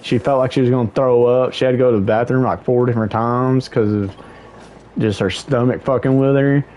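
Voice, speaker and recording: Animated young man telling a story. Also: brisk, slight background noise. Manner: animated, swearing, slangy, jumps up in pitch for quoted voices. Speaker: livestream host. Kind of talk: casual storytelling chat.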